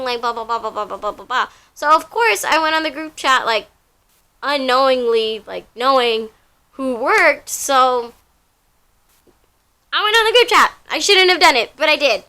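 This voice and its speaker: A woman's voice: high voice, moderate pace, sharp tone. A young woman telling a rambling, casual story from her job, full of fillers and repeats.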